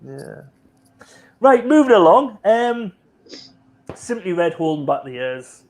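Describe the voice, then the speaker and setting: Jokey forty-year-old man, higher voice. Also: very animated, slow. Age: 40s. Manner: jokey, teasing. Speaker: host. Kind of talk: casual chat.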